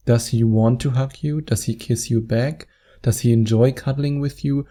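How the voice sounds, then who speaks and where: A relationship coach speaks earnestly in an advice video, rephrasing his points as he goes. His mid-range voice is warm, with fairly even intonation and a moderate pace.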